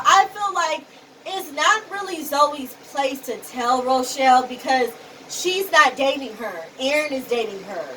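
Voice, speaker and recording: A woman giving a casual recap of a TV episode, animated and talking straight to the characters. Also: high-pitched, far from the mic, a little hiss or hum, rough recording. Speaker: TV show reviewer.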